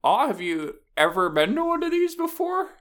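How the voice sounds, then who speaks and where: A man voicing a chatty, excitable woman of about seventy at a concert, loud and gushing. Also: extremely high pitch, moderate pace, pitched above the performer's own voice, full character voice.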